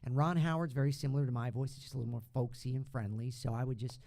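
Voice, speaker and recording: A man's voice: medium pitch, steady tone, racing, gravelly, warm tone. A man, a voice actor guest on a podcast, chatting casually and slipping into impressions.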